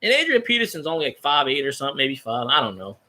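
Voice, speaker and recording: A man hosting a casual sports chat, rambling and profane like an excited fan. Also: mid-range voice, quick pace. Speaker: podcast host.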